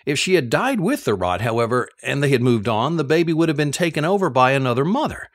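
A man reading a first-person novel aloud, telling the story in an expressive, animated way. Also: medium pitch, fast talker, dry recording, clean studio sound. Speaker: audiobook narrator.

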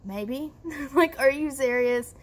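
A young woman vlogger telling a story casually, animated and profane, addressing viewers directly. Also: sits high, slow pace.

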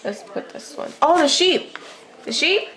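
A woman reading a picture book to a toddler in playful baby talk, asking slow coaxing questions and imitating animal sounds. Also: high voice, big pitch swings, fairly bright tone, rough recording.

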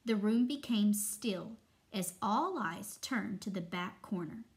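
Slow, expressive woman teacher reading aloud. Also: mid-range voice. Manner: expressive, with long pauses. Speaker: first-grade teacher. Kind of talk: reading a story aloud to children.

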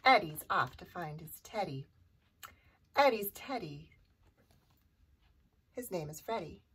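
A woman reading a picture book aloud for a children's storytime, gentle and sing-song. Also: on the low side, lively intonation, slow pace, distant mic.

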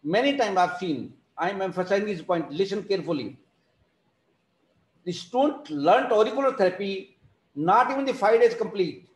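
A man's voice: high voice, expressive, moderate pace, echoey room, low-quality recording. A man teaching an online class on therapy, giving instructions, stressing and repeating key points in non-native phrasing. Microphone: video call.

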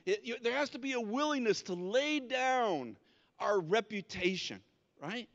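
Male pastor, high-pitched, chatty preaching with restarts; muffled, echoing sanctuary recording. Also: lively intonation, unhurried, sharp tone. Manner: conversational preaching with many restarts and repeated words. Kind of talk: sermon. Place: church sanctuary.

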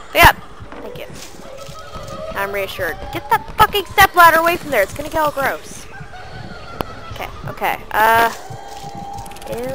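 A woman giving loud, profane gameplay commentary, yelling at her character. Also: very high voice, background noise. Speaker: let's play gamer.

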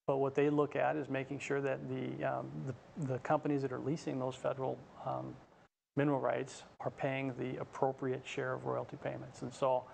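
A man, a state official being interviewed on a talk show, answering in a measured, hesitant way with many fillers. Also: medium pitch, completely flat delivery, vocal fry, a little mellow, slight background noise. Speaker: state auditor, guest.

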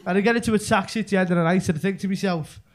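Rapid-fire and high-pitched, a young Merseyside man rattles off a rambling stand-up bit loaded with Scouse slang. The live comedy club recording carries the crowd's laughter in the background.

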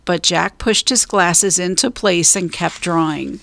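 A woman storyteller reading a children's book aloud, slow, clear and deliberate. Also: on the low side, a bit bright, no echo.

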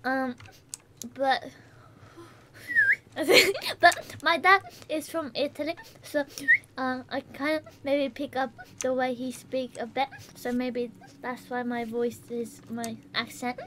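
A woman's voice: sits high, steady tone, takes it slowly, background noise. A woman from England chatting on a live gaming stream, easily startled and laughing often.

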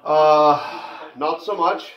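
A man's voice: fairly high pitch, fairly even intonation, extremely slow. A man giving crude, joking commentary while playing a game, talking back to the characters. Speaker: let's play gamer. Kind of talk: casual gameplay commentary. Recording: dull, echoey home recording with game music.

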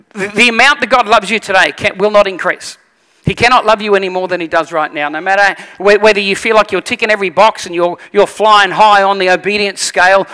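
Man, pastor, animated sermon, high voice, long hall reverb. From Australia. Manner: animated storytelling, acts out voices.

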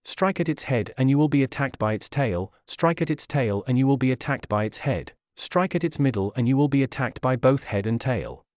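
A man voicing a stern orc war chief who speaks low and measured. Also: lively intonation, a little mellow, no echo, lightly acted.

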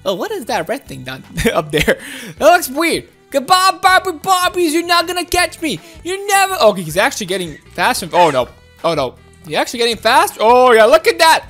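Woman gaming host, very high and bouncy voice, excitable running commentary over faint game music. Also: moderate pace. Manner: excitable, exclaiming and laughing at the game.

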